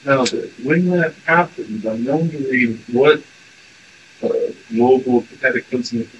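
Slow, blunt-talking man on a noisy recording. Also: mid-range voice, muffled recording. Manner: casual, blunt, crude words. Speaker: session guest asking questions. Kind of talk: casual chat.

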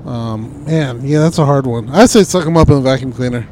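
A man co-hosting a podcast in crude casual banter, laid-back and giggly, his voice going up when he gets excited. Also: medium pitch, a little fast, a little hiss or hum. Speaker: podcast co-host.

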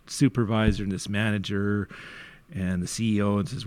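A man from Canada, a youth worker, telling his story in a candid interview, animated and switching between hushed and forceful moments, with frequent restarts. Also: mid-range voice, fairly quick, no echo.

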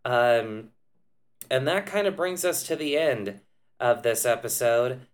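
Measured, explanatory male podcast host. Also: medium pitch, animated. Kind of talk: casual podcast chat.

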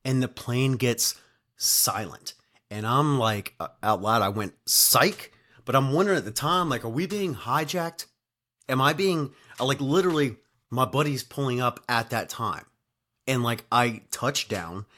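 Man, mid pitch, casual monologue, rambling, profane, lots of fillers. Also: normal speed, pushed and bright. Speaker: podcast host telling a travel story.

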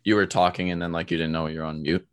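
Young male podcast co-host, low-ish voice, jokey, laughs a lot. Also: little pitch movement, fast talker, clear, resonant tone. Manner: laughing, joking, mocking squeaky voices. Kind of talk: casual chat.

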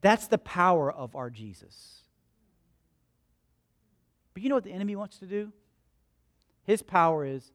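A male pastor preaching in a notably high voice, recorded close and dry with no room echo. He repeats his lines for emphasis and poses questions that he answers himself. He moves between loud emphatic peaks and quiet storytelling. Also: expressive, a little slow, pauses often. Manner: asks the congregation questions and answers them himself. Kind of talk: sermon.

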